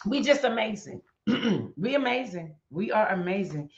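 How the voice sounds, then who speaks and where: A woman's voice: mid-range voice, heavy background noise. Bubbly woman host in an echoey room. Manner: bubbly and excitable, bursting into laughter, then slow and earnest when praying. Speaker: host of a daily devotional video series. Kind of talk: casual chat and spoken prayer. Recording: roomy, dull lo-fi sound.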